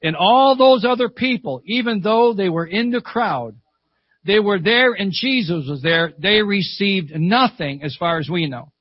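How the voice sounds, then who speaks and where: A man's voice: sits high, expressive, a little slow, dull audio. An older man preaching a sermon at a church service, telling stories fervently, repeating phrases and calling out "Amen.".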